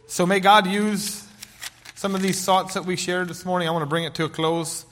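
Middle-aged male preacher, earnest and emphatic, reads scripture aloud, pitched high with a bright tone. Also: steady tone, a little hiss or hum. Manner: earnest, slow emphatic delivery with King James scripture reading. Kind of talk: sermon.

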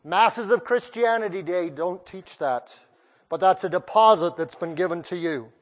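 A man's voice: high-pitched, normal speed. A male preacher delivering a sermon, putting pointed questions straight to his listeners. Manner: questions the listeners directly, emphatic.

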